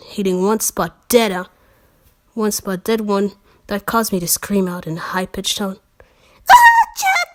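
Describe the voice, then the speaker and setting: A woman reading a fan story aloud for laughs, stumbling over words and breaking off for sarcastic asides. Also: a little high. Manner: sarcastic asides, slips and self-corrections. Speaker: channel host. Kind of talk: mocking reading of fan fiction.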